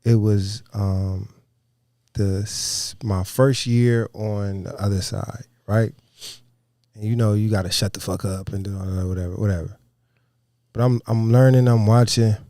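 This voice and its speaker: A man telling a story in a casual chat, animated, quick in bursts and swearing freely, on a close, dry mic. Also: on the low side, no echo. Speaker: podcast guest.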